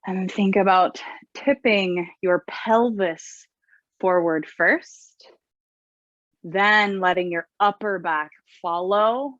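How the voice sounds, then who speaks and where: A woman leading a gentle yoga class, giving calm, soothing cues about breath and posture. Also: mid-range voice, slow pace, no echo, muffled recording. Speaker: yoga instructor. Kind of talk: guided yoga class instruction.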